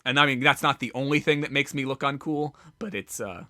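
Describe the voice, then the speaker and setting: A man co-hosting a casual comedy podcast, telling a rambling story with halting restarts. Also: mid-range voice, sharp tone, no room sound, studio quality. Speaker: podcast co-host.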